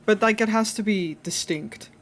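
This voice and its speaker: At normal speed, a chatty Netherlands-born streamer whose first language is Dutch shares stories in a casual live chat. She turns up the volume and pitch when excited and swears casually.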